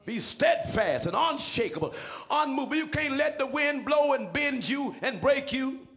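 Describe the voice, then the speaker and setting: A man preaching a sermon as senior pastor, shouting in a sing-song cadence with folksy, colloquial phrasing. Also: very high voice, expressive, normal speed.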